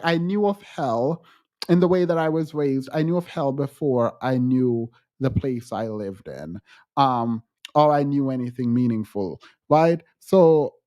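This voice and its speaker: A man hosting a livestream, talking frankly to his chat in halting restarts and growing emphatic when he quotes others. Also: a little high, darkish tone. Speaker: livestream host. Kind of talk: livestream chat answering viewers.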